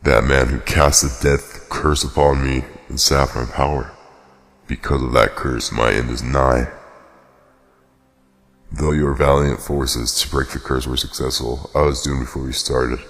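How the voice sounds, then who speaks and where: A man doing an ancient dying tree spirit, rumbling low. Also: level tone, a bit bright, big-room sound, exaggerated voice. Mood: grave. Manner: slow, archaic, solemn reading.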